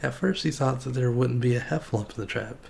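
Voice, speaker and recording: A man streamer reading a children's storybook aloud in a relaxed, folksy way. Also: mid-range voice, fast, creaky, slight background noise.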